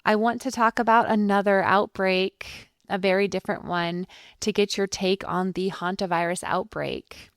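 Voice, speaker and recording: A woman hosts the interview, posing prepared questions in a composed, summarizing manner. Her voice is smooth and resonant, mid-pitched, recorded dry and close. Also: fairly even intonation, normal speed, fairly bright tone, dry recording. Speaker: interview host.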